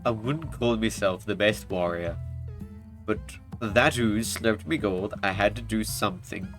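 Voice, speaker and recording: A man's voice: fairly low pitch, measured pace, a bit bright, soft background music. A man voicing a boastful male dwarf miner in a video game, telling his tale heartily in a put-on folksy voice that says "me" and "ye". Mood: gruff.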